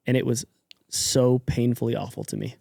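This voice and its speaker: Mellow-voiced man co-hosting a podcast. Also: medium pitch, fairly even intonation, normal speed, vocal fry, no room sound, clean studio sound. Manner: opinionated, drops to quiet asides. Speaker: podcast co-host. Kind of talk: casual chat.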